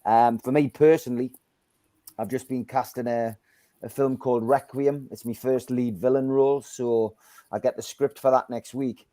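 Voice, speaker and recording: A man's voice: medium pitch, steady tone, moderate pace, mellow, no room sound. A man hosting a live stream on a video call, friendly and rambling, calling people mate. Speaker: actor and host. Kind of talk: casual live-stream chat.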